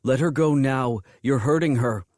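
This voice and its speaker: A man voicing a woman who speaks loud, firm and sharp, on the edge of frantic. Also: medium pitch, unhurried, no room sound, clean studio sound, pitched above the performer's own voice, natural voice.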